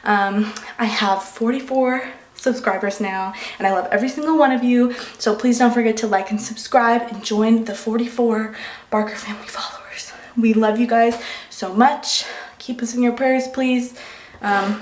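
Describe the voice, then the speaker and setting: A woman's voice: a little high, steady tone, moderate pace. A young pregnant woman chatting casually in a vlog, rambling and emotional, losing her sentences. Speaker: beauty vlogger. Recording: echoey room, faint noise.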